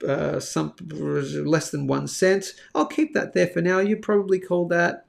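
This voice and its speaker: High, gravelly man hosting live. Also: a little slow. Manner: chatty, thinks aloud, many fillers. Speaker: host of a live bullion market show. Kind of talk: live-stream chat and chart analysis.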